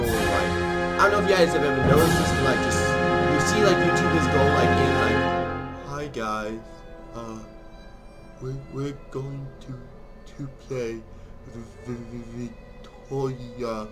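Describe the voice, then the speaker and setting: Man, gaming host, quick chatty talker with a theatrical streak, middle pitch. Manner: fast-talking and chatty; theatrical, changes voices for fun. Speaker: let's play host. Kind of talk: casual gaming commentary.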